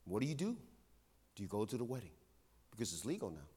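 A male pastor preaching a sermon with earnest emphasis, dropping to hushed tones and rising again. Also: very animated, quick pace, husky. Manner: earnest, swings between loud emphasis and hushed low tones. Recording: long hall reverb.

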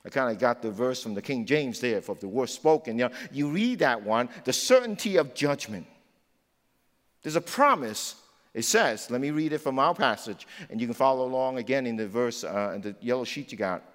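A man's voice: mid-range voice, lively intonation, moderate pace, a bit bright. A man preaching a sermon in a conversational, emphatic way, often saying "you know" as he explains scripture. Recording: long hall reverb.

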